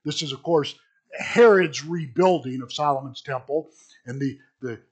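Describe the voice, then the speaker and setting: A man's voice: a little high, normal speed, husky. A middle-aged man preaching a sermon in a conversational, digressive way, often restarting his phrases. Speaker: pastor.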